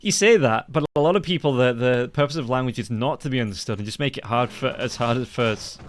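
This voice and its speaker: A male esports caster delivering quick-fire play-by-play, his words tumbling out at speed. His voice lifts and tightens with each clash on screen. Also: mid-range voice. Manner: rapid, rising excitement during fights. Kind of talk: play-by-play commentary.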